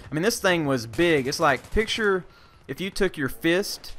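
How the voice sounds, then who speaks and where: A man's voice: a little high, expressive, measured pace, a bit bright. A man, an army veteran vlogger, telling a casual story, rambling with many fillers and restarts and casual swearing.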